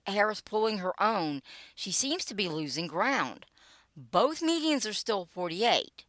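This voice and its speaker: An older woman, a political blogger and podcaster, reads her own blog post aloud in a wry, sarcastic manner with dry asides. Her voice is lowish and a bit bright, in a dry recording.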